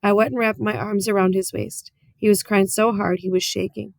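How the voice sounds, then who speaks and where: A woman calmly reading a children's novel aloud, narrating in a measured way. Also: mid-range voice, creaky, no echo. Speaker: audiobook reader. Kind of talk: storybook read-aloud narration.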